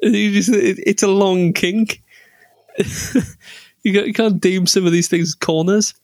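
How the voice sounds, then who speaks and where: Male co-host, high-pitched, dry mic, jokey rambling talker. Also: fairly even intonation, a little slow, no room sound. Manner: rambling, jokey, laughs often. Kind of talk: casual motorsport chat.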